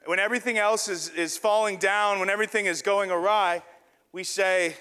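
Man, pastor, animated playful sermon, high voice, echoing church hall. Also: moderate pace, smooth. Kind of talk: sermon with an on-stage illustration.

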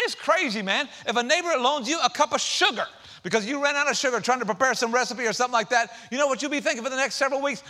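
Bright, animated male pastor preaching. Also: extremely high pitch. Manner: animated preaching with folksy asides and rising emphasis. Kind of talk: sermon.

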